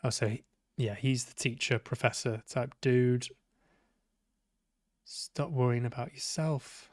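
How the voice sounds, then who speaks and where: Slow-talking man streaming a game. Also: medium pitch, steady tone, no echo, studio quality. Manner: sweary, sarcastic, talks back at the characters. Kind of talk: live let's-play commentary.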